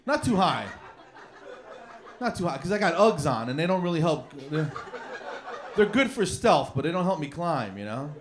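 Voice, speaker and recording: A man's voice: a little high, very animated, moderate pace, long pauses, a crowd in the background. A man doing a rambling, self-mocking stand-up set on a comedy club stage with a handheld mic. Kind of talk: stand-up routine.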